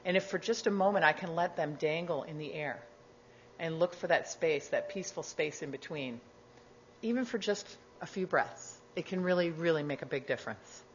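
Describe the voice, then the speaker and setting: Woman guest speaker with a low voice, gentle sermon delivery, dull lo-fi recording. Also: a little hiss or hum. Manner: gentle, measured, conversational with asides. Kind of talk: reflective sermon talk.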